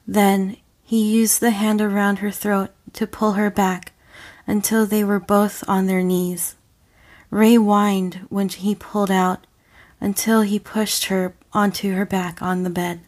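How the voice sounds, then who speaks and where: A woman reading an audio story as a narrator, slow and deliberate. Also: mid-range voice, flat delivery, a little mellow. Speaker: audiofic reader.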